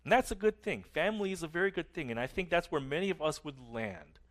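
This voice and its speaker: A middle-aged man preaching a sermon earnestly, his phrases often trailing off softly at the ends. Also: a little high, lively intonation, quick pace. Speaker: pastor.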